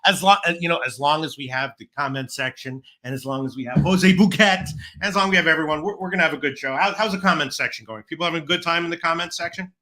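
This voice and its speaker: Bright-voiced swearing man co-host. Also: on the high side, fast. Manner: rambling, swears a lot. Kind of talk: casual live-stream banter. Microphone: home studio setup.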